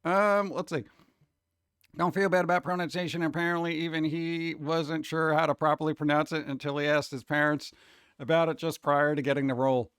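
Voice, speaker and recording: Give me a jokey male streamer with a fairly high, smooth voice. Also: flat delivery, brisk, fairly bright tone, no room sound, clean studio sound. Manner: rambling, jokey, reacts to chat aloud. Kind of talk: casual live-stream chat.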